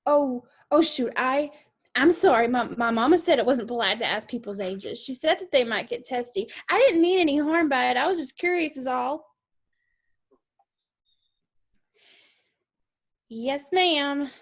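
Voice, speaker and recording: A woman's voice: high-pitched, animated, normal speed. Woman doing a bubbly Southern girl. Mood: apologetic. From New Orleans, US South. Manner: giggly, endlessly chattering, overly polite. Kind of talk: stage play acting.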